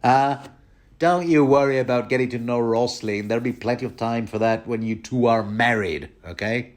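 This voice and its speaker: A man's voice: mid-range voice, moderate pace, natural voice. A man casually voicing a blunt, pushy nobleman who jeers at a reluctant groom. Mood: jeering. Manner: blunt, mocking, jeering.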